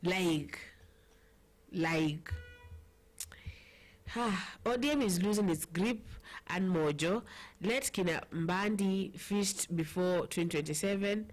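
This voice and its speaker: A woman's voice: fairly low pitch, slow, long pauses. A woman with a Kenyan accent hosting a casual political chat show, chatty and playful, switching languages mid-sentence. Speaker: talk show host.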